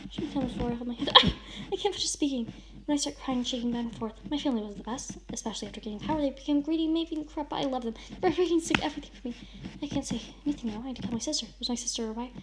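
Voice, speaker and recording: High-voiced woman reading melodramatically. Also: a little hiss or hum. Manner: over-the-top dramatic reading, shouts and sobs in the big lines. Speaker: vlogger reading a friend's writing. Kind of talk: melodramatic read-aloud with casual commentary.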